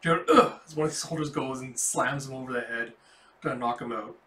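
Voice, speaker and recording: A man's voice: medium pitch, a little fast, a bit bright, recorded from a distance. Man narrating a comic in an echoey room. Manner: describes panels aloud with frequent fillers. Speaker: comic book reader. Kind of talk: casual comic readthrough narration.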